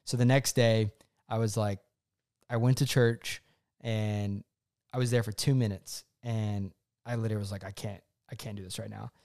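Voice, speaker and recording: A man's voice: lowish voice, moderate pace. Young man telling a story casually. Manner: animated, acts out his own past quotes.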